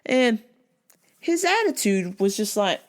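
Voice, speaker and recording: A woman's voice: mid-range voice, very animated, slow. Blunt, profane woman telling a story. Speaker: vlog host. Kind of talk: casual storytelling monologue.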